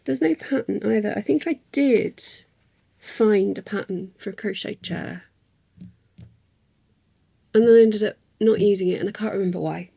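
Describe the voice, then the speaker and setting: A woman's voice: medium pitch, normal speed, vocal fry, long pauses, dark tone, slightly rough. A woman in a casual craft vlog, chatting in a rambling way with frequent ums and little laughs. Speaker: craft vlogger. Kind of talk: casual chat.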